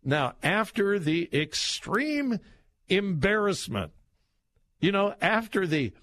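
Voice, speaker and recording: A man's voice: a little high, sing-song, a bit bright, no room sound. A male radio talk show host giving political commentary, mocking and laughing as he talks, stretching his words for emphasis. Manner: mocking, laughs while talking, drawn-out emphatic delivery. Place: radio studio. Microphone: studio microphone.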